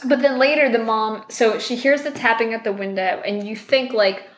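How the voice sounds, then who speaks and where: With a fairly high voice at a moderate pace, a young woman discusses a film casually, going scene by scene and acting out what the characters say. She's animated, swears and laughs, and the audio has a roomy quality.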